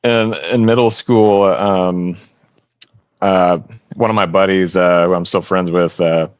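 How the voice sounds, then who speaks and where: A man telling a story in casual podcast chat, rambling and filling his pauses with "uh" and "um". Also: sits low, fairly even intonation, clean tone, no echo, lo-fi sound. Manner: rambling, many "uh" and "um" fillers.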